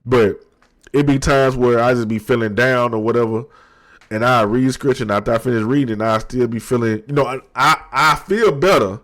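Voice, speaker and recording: A man in his thirties talking slowly and candidly into the mic at his desk, reflective and low-key, with slang and many restarts. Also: fairly bright tone. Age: 30s. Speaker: podcast host. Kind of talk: candid personal monologue.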